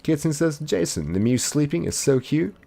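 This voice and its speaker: A man streaming a game live, casually reading his chat's messages aloud in a playful, excitable way. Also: on the high side, gravelly. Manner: reads chat messages aloud in quick succession, playful and excitable; casual, uses "y'all". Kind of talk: live gaming stream chat.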